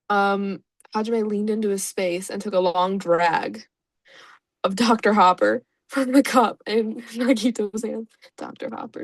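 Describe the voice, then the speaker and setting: A woman's voice: medium pitch, normal speed, no room sound. A young woman YouTuber reading a story aloud and reacting to it with sarcastic, profane, self-mocking asides. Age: young adult.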